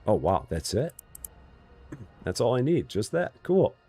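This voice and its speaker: A man's voice: fairly low pitch, sing-song, unhurried, dark tone, breathy edge. A man streaming a game live, joking, teasing his chat and breaking into sing-song asides. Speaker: gaming streamer. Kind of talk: live game commentary, chatting with viewers. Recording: faint music behind.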